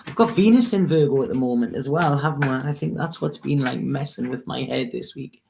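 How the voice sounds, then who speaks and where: A woman's voice: very deep voice, fairly quick, gravelly, noisy background. A woman reads tarot in an earnest, coaxing way, and she sounds close to tears. She keeps checking in with her listeners and urges them on with feeling. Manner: earnest, coaxing, with frequent "okay?" and "you know". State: near tears, emotional. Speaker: tarot reader. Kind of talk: spiritual reading, casual monologue.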